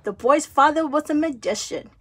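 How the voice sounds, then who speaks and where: A woman telling a children's story aloud, acting out sound effects and character voices with lively expression. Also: sits high, normal speed.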